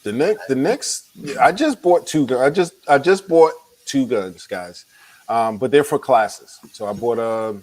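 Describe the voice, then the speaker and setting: A man's voice: medium pitch, animated, measured pace, darkish tone, no room sound, low-quality recording. A man co-hosting a late-night chat, talking casually and rambling with restarts, a little tired. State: tired, yawning. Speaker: podcast co-host.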